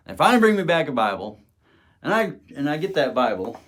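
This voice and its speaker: A man's voice: a little high, sing-song, moderate pace, fairly bright tone. A middle-aged man telling a personal testimony, emotional and dramatic, acting out the quoted words. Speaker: testimony speaker.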